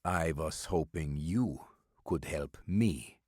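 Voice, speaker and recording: A burly older foreign businessman with a thick, clipped Eastern European accent, as a man puts him on. He talks slowly and deliberately, keeping his cards close. The voice is deep and sits in a dry, close sound. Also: darkish tone, no echo, exaggerated voice. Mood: cagey, insistent. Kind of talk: audiobook character voice.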